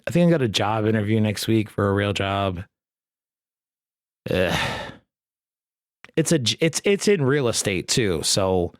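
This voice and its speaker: On his solo podcast, a man rambles through jokey, profanity-laden rants in a casual chat. His voice is mid-range, and the recording is dry and studio quality.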